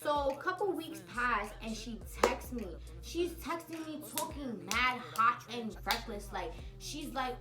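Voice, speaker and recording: A woman's voice: on the high side, measured pace, few pauses, echoey room, soft background music. Slangy young woman telling a story. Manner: slangy, animated storytelling with asides to viewers. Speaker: vlogger telling a story time. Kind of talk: casual story time.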